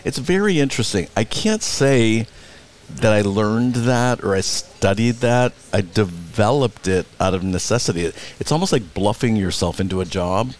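A man being interviewed, telling theater anecdotes in a blunt, animated way, acting out other people's lines and swearing freely. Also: lowish voice, normal speed. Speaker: Broadway producer and director, guest. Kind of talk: casual interview storytelling.

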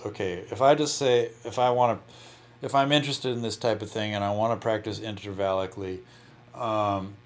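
A medium-pitched man, a guitarist, explains his approach to practice in a casual interview. He speaks loosely, often restarting and saying "you know."

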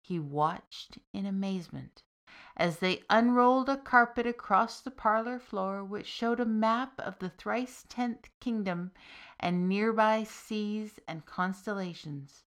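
A woman storyteller reads a fairy tale at an unhurried, deliberate pace. Her voice sits in a middle pitch, and her delivery is measured and expressive. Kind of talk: scripted fairy-tale narration.

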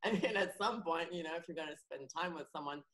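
A woman comedian chats as a podcast guest, spinning lively stories and breaking into laughter. Her voice sits a little low. The room is echoey around her. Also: fast. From France. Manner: chatty, laughs often, lively anecdotes. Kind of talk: casual podcast chat.

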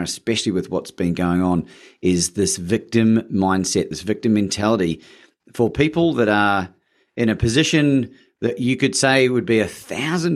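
A man hosting an interview, enthusiastic and encouraging, with some hesitations. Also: on the low side. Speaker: podcast host. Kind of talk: interview conversation.

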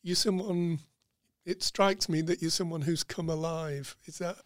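A man interviewing a guest, asking gentle, reflective questions. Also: on the high side, fairly even intonation, a little slow, dry recording, studio quality.

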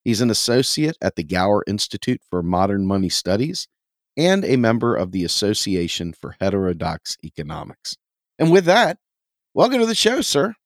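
A man with a fairly low voice hosts a podcast interview. His pitch swings in a lively way as he eagerly introduces and questions his guest, and the sound is dry with no room echo. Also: moderate pace. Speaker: podcast host.

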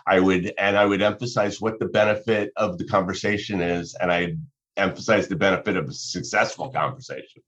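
A man giving conversational business advice, explaining through examples with self-corrections. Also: sits low. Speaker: business advisor. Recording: dull lo-fi sound.

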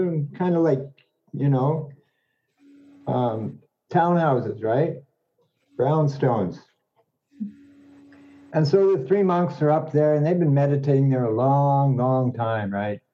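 Man, fairly high voice, slow joke-teller, muffled lo-fi sound. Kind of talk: joke telling. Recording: dull lo-fi audio.

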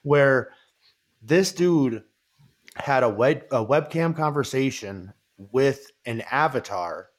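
A man hosting a podcast in casual chat, rambling and excitable with lots of fillers and swearing. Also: mid-range voice, slow. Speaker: podcast host.

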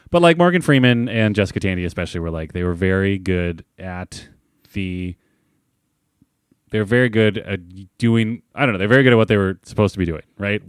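A man's voice: lowish voice, clean tone, no room sound, clean studio sound. A man in his thirties co-hosting a podcast in casual chat, hedging a lot and filling his talk with "like". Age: 30s. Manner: hedging, full of "like" fillers. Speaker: podcast co-host.

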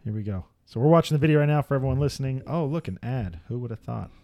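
A man's voice: mid-range voice, animated, racing, dry recording, dull audio. A man co-hosting a casual podcast, reading news items aloud with jokes and narrating a video as he watches. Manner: reads news aloud, jokey, narrates what is on screen. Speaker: podcast co-host. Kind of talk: casual chat. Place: podcast studio.

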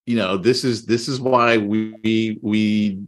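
A man's voice: fairly low pitch, fairly even intonation, takes it slowly. A man co-hosting a podcast in casual chat, emphatic and repeating his points. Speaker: podcast co-host.

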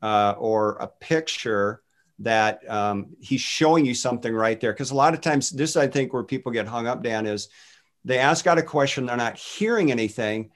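A man speaking as a guest minister in a casual faith conversation, telling stories in an animated way and voicing quotes. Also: medium pitch, moderate pace. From United States. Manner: animated storytelling with voiced quotes.

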